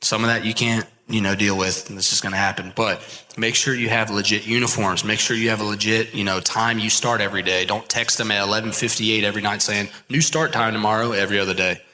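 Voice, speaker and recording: A man, a landscaping business owner, giving energetic pep-talk advice as the guest of a live podcast. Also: lowish voice, fast talker. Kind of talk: live podcast interview before an audience. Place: large expo hall with live audience. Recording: long hall reverb.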